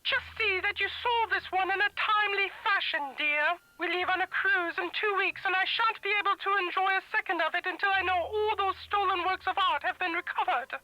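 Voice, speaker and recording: A woman's voice: extremely high pitch, fairly quick, hardly any pauses, sharp tone, exaggerated voice, low-quality recording. An actress voicing a haughty, fussy elderly society chairwoman on the phone in a game, pompous and theatrical.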